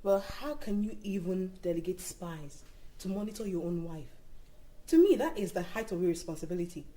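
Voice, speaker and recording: A woman's voice: on the low side, expressive, moderate pace, mellow, natural voice. A woman playing a distressed wife. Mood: indignant. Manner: pleading, repeats "Eh?". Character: distressed faithful young wife. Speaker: accused wife. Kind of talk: Nollywood film acting.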